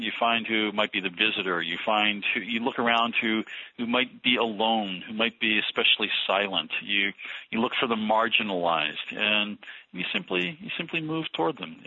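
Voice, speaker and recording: A man talking through ministry ideas in an interview, thoughtful and halting with many restarts. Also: fairly low pitch, bright, forceful tone, no echo. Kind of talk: conversational interview about ministry. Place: Philadelphia. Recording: dull lo-fi radio audio.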